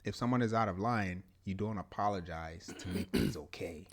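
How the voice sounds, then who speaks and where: Male podcast co-host, low-pitched, emphatic, animated casual talker. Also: normal speed. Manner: animated, emphatic, laughs often. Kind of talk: casual chat.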